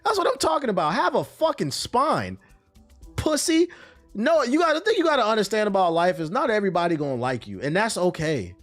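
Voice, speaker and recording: A man streaming live, giving casual, profane, animated commentary on news, his voice a bit tired. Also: high voice, rapid-fire, few pauses, soft background music.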